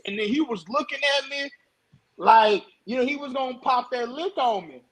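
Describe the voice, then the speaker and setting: Podcast host, male, very high voice, animated storyteller who stumbles and restarts a lot, casual chat. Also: moderate pace, poor audio.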